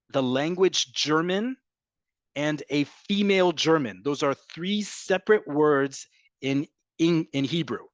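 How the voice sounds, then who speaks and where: A man's voice: fairly high pitch, no room sound. A man teaching a live online Hebrew class, emphatic and repetitive, drilling pronunciations and addressing viewers as folks. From from an American family.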